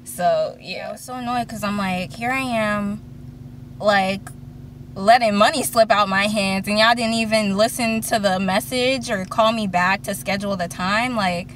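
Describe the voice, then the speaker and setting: A woman's voice: medium pitch, unhurried, fairly bright tone, slight background noise. A woman in her twenties vlogging from a parked car, telling a long story and acting out the voices of the people in it. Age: 20s. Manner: chatty storytelling, acts out quoted voices. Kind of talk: casual chat.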